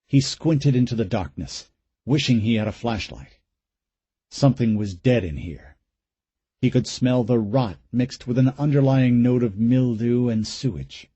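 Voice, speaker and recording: A man's voice: medium pitch, measured pace, dark tone, breathy edge, no echo, highs cut off. A man reading a horror audiobook aloud in a dramatic, suspenseful way. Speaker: audiobook narrator. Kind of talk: scripted narration.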